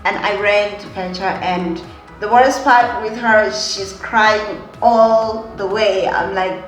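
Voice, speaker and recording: A young woman vlogger telling an emotional story dramatically, swinging between hushed and loud, often calling the viewers guys. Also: medium pitch, fairly even intonation, slow pace, roomy sound, soft background music, poor audio.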